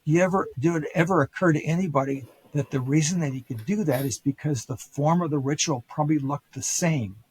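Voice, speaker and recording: A man's voice: on the high side, brisk, hardly any pauses, a little mellow, breathy edge, poor audio. An older man, a historian guest on a podcast, retelling ancient stories casually with quoted voices and many fillers and restarts. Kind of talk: casual storytelling lecture.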